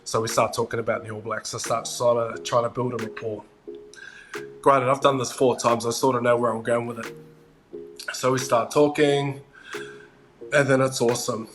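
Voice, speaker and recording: A man with a New Zealand accent, an interviewed fighter recounting his story in a casual, lively way and acting out the exchanges he describes. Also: medium pitch. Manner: lively retelling, acts out quoted exchanges. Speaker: interviewee, mixed martial arts fighter. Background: music.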